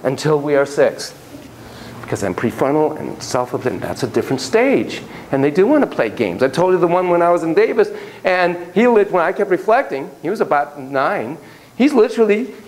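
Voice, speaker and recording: A man's voice: a little high, very animated, moderate pace, a little hiss or hum, rough recording. A man giving a classroom lecture on child therapy, acting out quotes in shifting voices.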